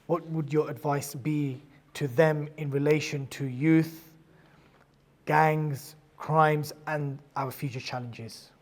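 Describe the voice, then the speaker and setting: Male host moderating a live panel, measured delivery with small hesitations. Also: fairly high pitch, steady tone.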